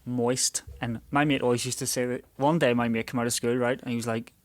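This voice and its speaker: A young man, co-hosting a podcast in casual chat. He chips in quickly, jokes around and swears. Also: mid-range voice, little pitch movement. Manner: quick interjections, joking banter, swears. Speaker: podcast co-host.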